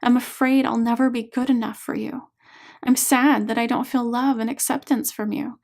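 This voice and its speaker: A woman's voice: fairly high pitch, steady tone, normal speed, gravelly, a little mellow. A woman reading as a troubled woman in therapy. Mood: sad. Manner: emotional, confessional. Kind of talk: audiobook character reading.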